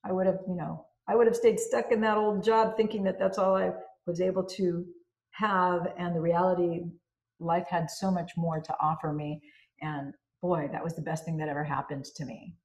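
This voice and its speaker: A woman hosting a self-help channel, talking slowly and deliberately and listing ideas word by word. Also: fairly low pitch, level tone, a little mellow, reverberant. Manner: slow, deliberate, lists words one by one. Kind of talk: spoken reflection on a self-help book.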